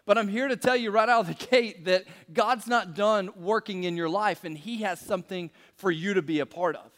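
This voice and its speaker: A man's voice: high voice, moderate pace, fairly bright tone, in a large hall. A man preaching a sermon in a casual, joking way, peppering his talk with fillers and stories. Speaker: pastor.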